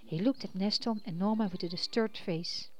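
A woman narrating a children's storybook in an expressive reading voice. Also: medium pitch, normal speed.

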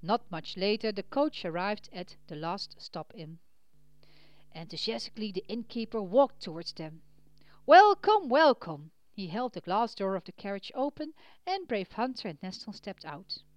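Expressive woman reading a storybook. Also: mid-range voice, normal speed, dry recording. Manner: gentle and expressive, soft at sentence ends. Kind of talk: storybook narration.

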